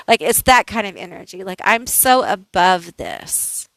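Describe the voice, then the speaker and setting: A woman's voice: mid-range voice, animated, unhurried, vocal fry, fairly bright tone, no echo, rough recording. A woman doing a casual tarot card reading, thinking aloud in a chatty way with many fillers. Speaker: tarot reader.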